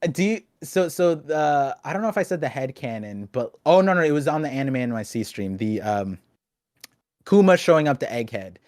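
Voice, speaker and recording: A young adult man hosting a casual podcast chat, talking in an animated, rambling way with lots of restarts. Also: medium pitch, brisk, no echo, clean studio sound. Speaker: podcast host.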